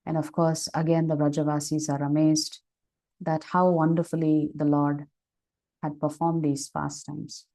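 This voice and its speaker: A woman teaching as a spiritual speaker, retelling devotional scripture stories in a measured way with frequent fillers. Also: low voice, flat delivery, dark tone, rough recording. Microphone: online session microphone.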